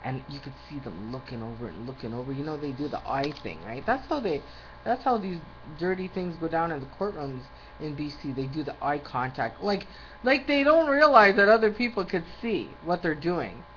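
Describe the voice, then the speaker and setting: A woman's voice: low-pitched, sing-song, normal speed, a bit bright. A woman in a rambling monologue. She loses her train of thought and rants indignantly. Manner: indignant, ranting. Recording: slightly muffled with faint background noise.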